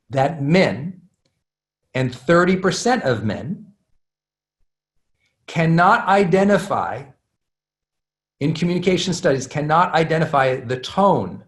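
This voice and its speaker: Candid man teaching in an echoey room. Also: on the high side. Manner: candid, self-deprecating, many fillers and restarts. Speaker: class speaker. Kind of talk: live talk to an audience.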